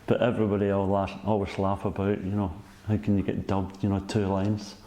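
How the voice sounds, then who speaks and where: Give me a Scottish man in his sixties who rambles through his stories and keeps checking in with "you know what I mean?". He has a low, mellow voice. The room gives it a clear echo. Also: completely flat delivery, a little fast. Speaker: guest, former footballer. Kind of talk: casual anecdote telling.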